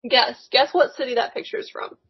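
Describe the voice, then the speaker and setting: A young woman with a husky, fairly high voice rambles excitedly through casual chat and giggles easily. She co-hosts a podcast from a remote call. The audio is muffled and lo-fi. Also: moderate pace. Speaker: podcast co-host. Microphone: remote call microphone.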